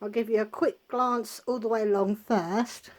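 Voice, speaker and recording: A woman's voice: on the high side, fairly even intonation, moderate pace, slight background noise. A woman vlogging a grocery haul from her kitchen at home, talking casually and rambling into chatty asides.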